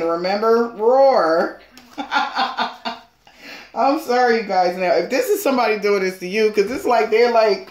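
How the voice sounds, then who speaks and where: Role: tarot reader. Style: casual reading to viewers. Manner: emphatic, pushy, laughs often, swears casually. Pitch: middle. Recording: roomy echo.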